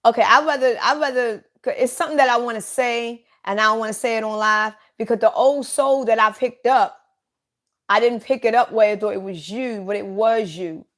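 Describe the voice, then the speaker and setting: A woman's voice: a little high, a little fast, a bit bright. A woman giving a psychic reading straight to one listener, blunt and repetitive, with casual swearing. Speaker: psychic reader.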